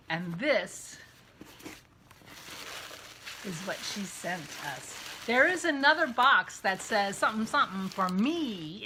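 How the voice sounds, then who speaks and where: A woman hosting a casual vlog, chatty and excitable, gushing as she talks. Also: mid-range voice, slight background noise. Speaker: podcast host. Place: outdoors walking a dog, then indoors.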